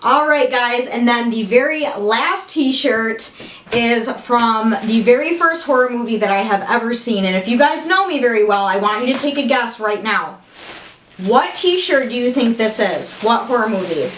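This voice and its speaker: Young woman vlogger, high-ish voice, gushing and excitable, roomy echo. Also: normal speed, a little hiss or hum. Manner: gushing, excitable, swears casually. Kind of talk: casual haul vlog. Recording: echoey room.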